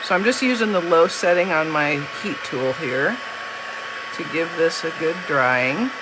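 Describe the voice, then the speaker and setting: A woman's voice: sits low, expressive, unhurried, noisy background. A woman, chatting and joking with viewers while she demonstrates card making. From Southern US. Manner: chatty, jokey, talks to viewers. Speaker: crafting demonstrator. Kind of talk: live card-making demo.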